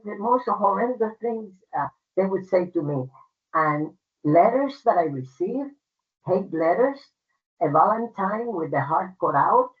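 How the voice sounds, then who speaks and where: An older woman from Puerto Rico with a Puerto Rican Spanish accent, telling her life story to an audience in an emphatic, conversational way with many fillers. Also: on the low side. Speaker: guest speaker. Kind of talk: personal storytelling talk. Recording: tinny phone-like audio.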